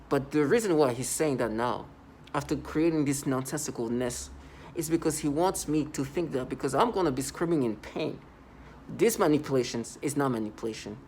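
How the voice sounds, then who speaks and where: A man talking in a casual vlog monologue, rambling and halting, with many restarts and stammered repeats. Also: medium pitch, a little mellow, slight background noise. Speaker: vlogger.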